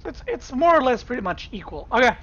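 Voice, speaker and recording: A woman's voice: on the high side, big pitch swings, fast, fairly bright tone, muffled recording. A woman streamer giving casual esports commentary, chatting straight to her viewers from a home streaming setup. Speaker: streamer and caster.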